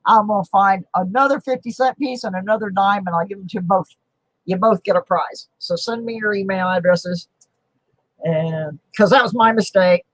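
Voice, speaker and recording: A woman's voice: mid-range voice, normal speed, no room sound, poor audio. A middle-aged woman hosting a casual coin collecting live stream, chatting in a rambling, self-deprecating, humorous way from her home. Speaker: host of a coin collecting show. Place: home on a mountain.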